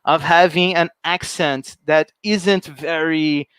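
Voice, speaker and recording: Man presenting, smooth and crisp. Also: on the high side, steady tone, slow, fairly bright tone, no room sound. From Brazil. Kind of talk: informal presentation.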